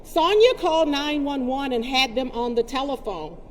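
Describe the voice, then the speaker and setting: A woman speaking at a press conference as a community advocate, giving a forceful and indignant public speech that drives her points home by repeating them. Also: high voice, animated, normal speed. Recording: long reverb, faint background noise.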